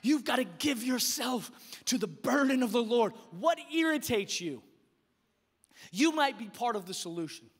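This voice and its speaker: High-voiced fervent preacher man. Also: animated, husky, in a large hall. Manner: impassioned preaching, swinging between hushed and shouted; repeats words in quick bursts. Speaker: pastor. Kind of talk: sermon.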